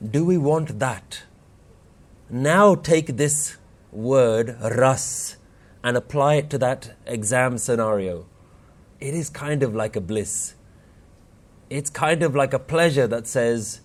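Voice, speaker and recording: Male workshop speaker, mid pitch, earnest storytelling delivery with swings in emphasis. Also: slow pace. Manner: earnest, rises and falls for emphasis, quotes scripture. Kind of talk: spiritual talk with storytelling.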